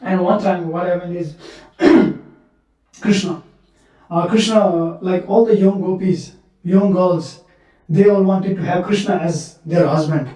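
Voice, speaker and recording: A man's voice: high voice, takes it slowly, long pauses, dark tone. A man preaching in a temple, telling devotional stories earnestly with many repetitions. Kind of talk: sermon storytelling. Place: temple hall. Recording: echoey temple hall, mic far off.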